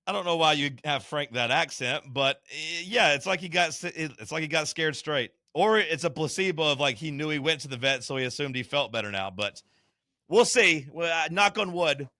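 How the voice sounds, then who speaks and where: A man's voice: a little high, animated, moderate pace, bright, forceful tone, no room sound, clean studio sound. A man co-hosting a podcast in casual chat, blunt, profane and joking. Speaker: podcast co-host.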